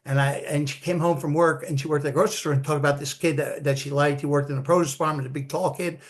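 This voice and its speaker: A man's voice: fairly high pitch, steady tone, very fast. Man in his sixties telling stories. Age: 60s. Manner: easygoing storyteller who laughs often. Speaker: podcast guest. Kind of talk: casual podcast chat.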